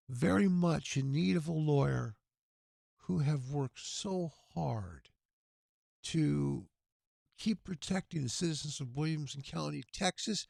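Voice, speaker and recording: Earnest male telethon host, hoarse and gravelly, slow-talking, dry close sound. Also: on the high side, darkish tone, no echo. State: hoarse, tired voice. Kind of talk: casual livestream talk with prayer.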